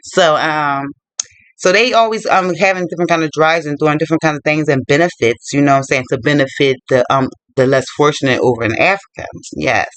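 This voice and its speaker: A man chats through a book's plot like he is telling a friend, pausing often and checking in with the listener. His voice sits a little high, and the recording is close and dry. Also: a bit bright, no room sound. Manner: chatty, loose storytelling with many fillers and asides. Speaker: book vlogger. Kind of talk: casual book retelling.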